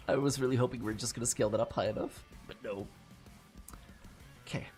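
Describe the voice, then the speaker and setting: A man's voice: mid-range voice, steady tone, a little fast, darkish tone, soft background music. A man giving casual let's-play commentary on a card game, swearing often and laughing at his own mistakes in frustration. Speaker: gamer playing a card game.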